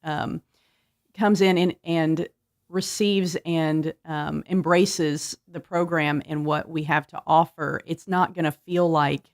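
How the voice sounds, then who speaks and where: A woman's voice: low voice, steady tone, slow pace, no echo, clean studio sound. A woman guest on a radio talk show, speaking thoughtfully and hesitantly with many fillers. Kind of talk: casual radio chat.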